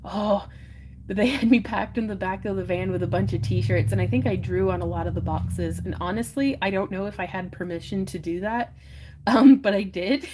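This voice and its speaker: A woman's voice: medium pitch, normal speed, warm tone, a little hiss or hum. A young woman hosting a live stream auction, chatting casually, giggling often and reading viewer comments aloud.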